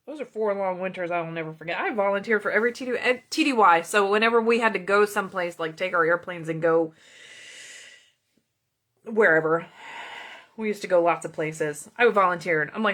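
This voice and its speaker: A woman's voice: mid-range voice, a little fast, fairly bright tone. A middle-aged woman hosting a card-making tutorial, chatting casually with viewers and greeting commenters by name as she works. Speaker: card-making video host.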